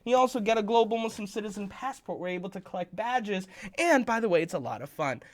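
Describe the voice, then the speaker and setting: A young man hosts a children's sermon, sliding between stories and jokes in an easy, conversational tone. His pitch rises and falls a lot as he acts things out. He keeps things playful throughout. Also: fast talker. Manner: animated, joking, conversational. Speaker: children's khutbah presenter. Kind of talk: playful storytelling sermon for kids.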